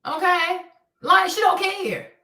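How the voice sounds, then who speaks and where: Hosting a livestream, a woman rants casually, swearing heavily and sounding exasperated. Her very high voice is slow and sharp, picked up by a distant mic in an echoey room, slightly off-axis.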